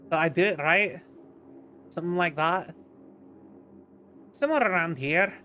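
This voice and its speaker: A man's voice: a little high, measured pace, bright, forceful tone, soft background music. A male streamer chatting over gameplay in a rambling, self-deprecating way. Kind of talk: live-stream gameplay chat.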